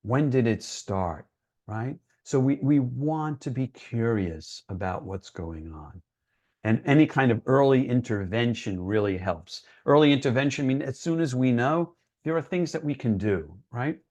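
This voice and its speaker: A man with a mid-range, animated voice, a little slow and a little mellow, presents an educational talk for parents on a muffled recording. He's earnest, reassuring and conversational, often checking in with listeners by asking "right?".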